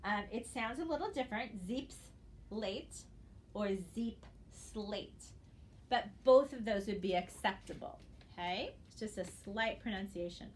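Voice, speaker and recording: A woman teacher giving a recorded phonics lesson, slow and patient, spelling out letters one at a time. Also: medium pitch, a little hiss or hum.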